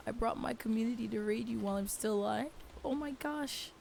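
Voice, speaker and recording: A woman streaming a game, hoarse with a failing voice, greeting viewers in a bubbly, flustered way. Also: a little high, fairly quick, darkish tone, a little hiss or hum, poor audio. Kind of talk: live gaming stream chat.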